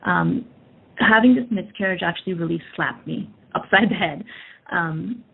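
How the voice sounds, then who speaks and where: A woman's voice: on the low side, moderate pace, gravelly, breathy edge. A woman in her thirties telling a personal story in a candid, casual way with lots of fillers. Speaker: energy work practitioner. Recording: tinny phone-like audio.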